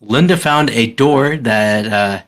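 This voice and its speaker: A man's voice: mid-range voice, slow pace, a bit bright. Man recapping a movie with lots of ums. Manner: loose, hesitant recapping with many fillers. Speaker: podcast co-host. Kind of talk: casual movie recap chat.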